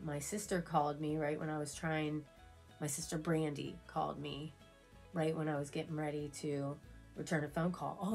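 A woman beauty vlogger with a deep, slightly mellow voice chats casually while getting ready. In this get-ready-with-me video, she tells an emotional personal story full of fillers and repeated words.

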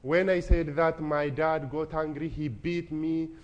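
Earnest young man, slightly high voice, giving a heartfelt testimony. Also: fairly even intonation, measured pace, dull audio. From Ethiopia. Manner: earnest, emotional storytelling. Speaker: speaker. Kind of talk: personal testimony.

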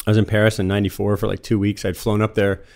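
A relaxed, chatty man in his fifties from Florida, talking as a podcast guest. His voice sits fairly low, and his easygoing, rambling delivery has the feel of someone swapping stories with a friend. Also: very fast, gravelly. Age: 50s. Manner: relaxed and chatty, laughs easily while telling anecdotes. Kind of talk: casual conversational storytelling.

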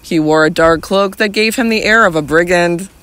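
A man narrating an audiobook in a measured literary reading. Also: high voice, sharp tone, clean tone, dry recording. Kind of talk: scripted narration.

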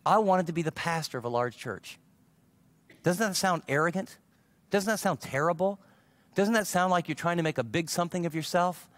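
A middle-aged man preaching and spinning personal stories, voicing the people in them as he goes. His voice sits a touch high for a man. The sound is dry and close, with little room in it. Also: normal speed, no room sound. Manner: animated storyteller acting out quoted dialogue. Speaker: pastor. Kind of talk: sermon storytelling.

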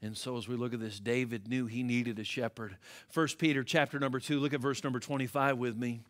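A male pastor with an American accent, preaching a sermon and swinging from hushed, low passages to loud, climbing ones. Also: steady tone, brisk. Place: church sanctuary.

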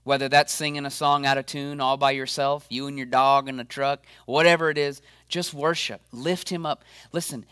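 A man preaching an encouraging sermon as pastor in a church video update, energetic and acting out the voices of people he quotes. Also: mid-range voice, no echo, clean studio sound.

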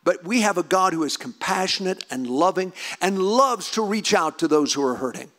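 A man preaching a sermon in a high voice that swoops up and down. He presses into fervent, near-shouted emphasis as he exhorts his congregation. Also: animated, moderate pace. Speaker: pastor.

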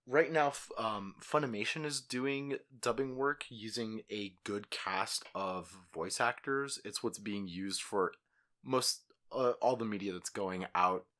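Laid-back low-voiced young man. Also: measured pace, bright, forceful tone. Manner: laid-back, swears casually. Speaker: podcast co-host. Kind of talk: casual chat.

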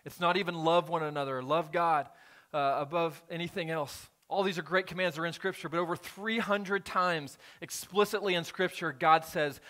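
Male pastor, slightly high voice, sermon delivery in a church, hushed scripture reading rising to emphatic appeals. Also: normal speed. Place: church sanctuary.

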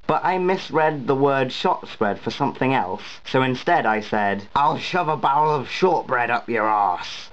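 Brief: young guy, vlogger, chatty and wry, dull lo-fi sound. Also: mid-range voice. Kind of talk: casual vlog chat. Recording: dull lo-fi home recording.

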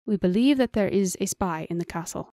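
A woman's voice: mid-range voice, animated, brisk, mellow, no echo, studio quality, natural voice. A woman voicing a stern, formal male elf who gives clipped, serious orders in an audiobook. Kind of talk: audiobook character voice.

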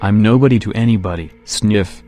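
A sad, tearful boy who sounds defeated, as a man reading a creepy story voices him. The pitch stays fairly low, with faint music behind. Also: fairly quick, warm tone, close to an everyday voice. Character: sad, crying chubby boy.

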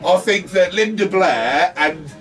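A man's voice: sits high, animated, slow pace, a bit bright, recorded from a distance, faint music behind. A man co-hosting a horror podcast, chatting casually, swearing a lot and rambling enthusiastically. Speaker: podcast co-host. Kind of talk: casual chat.

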